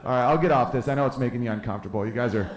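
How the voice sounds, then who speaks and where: In a very noisy, roomy live club recording, a man in his thirties delivers a loose, crude stand-up set packed with rapid jokey asides while the audience laughs. His voice is mid-range.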